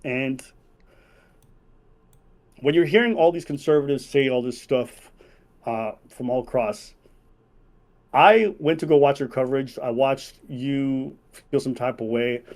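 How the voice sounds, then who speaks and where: Montreal guy, chill casual talk, lotta "uh" and "not gonna lie", mid pitch voice. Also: unhurried, pauses often, darkish tone. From Montreal, Canada. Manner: laid-back, hedging with fillers like "uh" and "I'm not gonna lie". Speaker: guest interviewer. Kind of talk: casual conversation.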